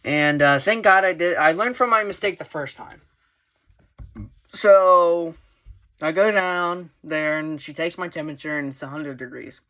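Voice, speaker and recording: A teenage boy vlogging, telling a personal story in a casual, rambling way with lots of fillers and restarts, his voice lifting when he gets excited. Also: a little high, unhurried. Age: teens. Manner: animated, voice rising when excited.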